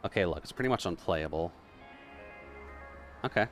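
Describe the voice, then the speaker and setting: A man's voice: low-pitched, animated, moderate pace, soft background music. A man reading as an impatient young gamer. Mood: complaining. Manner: impatient, complaining, reading game text aloud.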